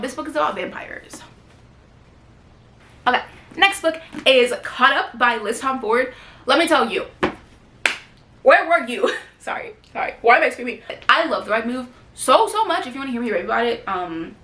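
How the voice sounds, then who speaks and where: Fast, bright-voiced young woman vlogging. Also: a little high, reverberant. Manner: chatty, gushing, rambling with many fillers. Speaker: book vlogger. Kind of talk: casual book haul chat. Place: room at home with bookshelf.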